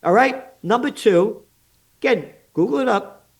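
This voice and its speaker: A man's voice: very high-pitched, lively intonation, a little slow, creaky, slightly rough. An older American man with an American accent, a trends forecaster giving blunt, sarcastic, indignant commentary in an interview, full of rhetorical questions.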